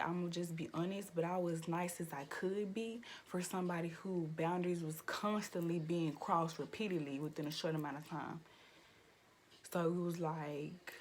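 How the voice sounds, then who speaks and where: A young woman in a fairly low voice rants through a story-time vlog, swearing freely and leaning on "like" at every turn. She jumps into high, loud bursts when she quotes people. A faint hiss of noise sits under the recording. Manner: profane, animated storytelling with frequent "like" fillers. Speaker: vlogger. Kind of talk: casual story-time rant.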